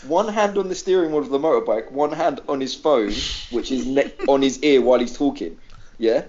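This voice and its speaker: A man's voice: medium pitch, fairly quick, muffled recording. A man co-hosting a podcast, telling a funny story in casual chat, acting out voices and laughing often. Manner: animated, acts out quoted voices, laughs often. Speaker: podcast co-host.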